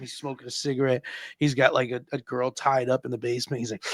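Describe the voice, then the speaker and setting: A man's voice: medium pitch, flat delivery, fast, a little mellow, no room sound, studio quality. A man hosting a comedy radio show, joking around and acting out bits in silly voices.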